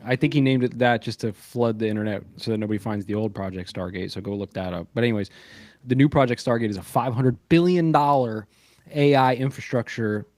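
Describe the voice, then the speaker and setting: A man's voice: mid-range voice, brisk, no room sound, clean studio sound. A man co-hosting a podcast, talking casually and with animation, swearing freely and telling stories. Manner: animated, profane, storytelling with quoted voices. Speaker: podcast co-host.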